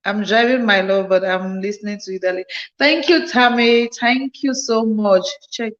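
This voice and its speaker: On a phone mic with lo-fi sound, a woman with a medium-pitched voice talks at a normal speed. She's hosting a casual livestream, worn out after a night shift, and keeps thanking and greeting viewers as they join.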